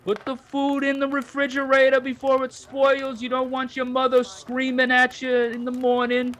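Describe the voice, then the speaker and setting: A man putting on a loud, nagging New Yorker voice with a New York accent, fussing over someone going to bed. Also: monotone, normal speed. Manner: shrill, bossy, fussing.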